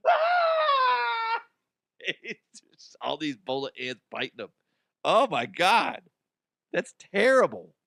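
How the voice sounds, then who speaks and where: Slow-talking joking male podcast host. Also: on the high side, big pitch swings, gravelly, a bit bright, dry recording. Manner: joking, swears freely, acts out silly voices. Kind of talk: casual comedic news chat.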